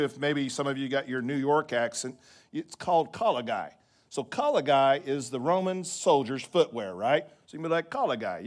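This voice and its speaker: Man preaching a lively sermon. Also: mid-range voice. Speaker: pastor.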